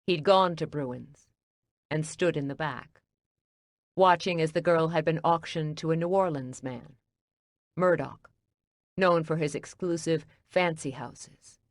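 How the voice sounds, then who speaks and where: A woman narrating an audiobook in a measured, even storytelling delivery. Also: low-pitched, no room sound.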